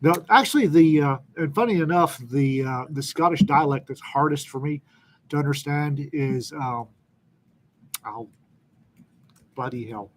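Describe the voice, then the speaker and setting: A man's voice: fairly high pitch, normal speed, poor audio. A man in casual group conversation, making wry jokes and asides. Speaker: chat participant.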